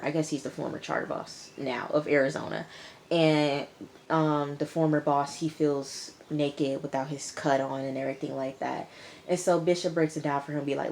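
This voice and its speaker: Low-voiced woman chatting casually. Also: a little mellow, a little hiss or hum. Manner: chatty, talks back to characters with mock quotes. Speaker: TV episode reviewer. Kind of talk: casual episode recap.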